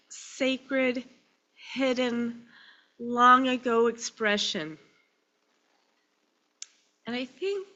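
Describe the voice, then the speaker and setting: Woman, minister, tearful, slow sermon, bright higher voice, dull lo-fi sound. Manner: slow, emotional and tearful, with pauses between phrases. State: crying.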